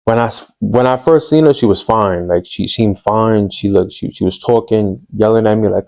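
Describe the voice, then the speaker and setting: A man's voice: fairly low pitch, a little fast. A man telling a personal story on his podcast, candid and rambling, with lots of fillers and street slang. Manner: hushed and subdued later on. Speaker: podcast host.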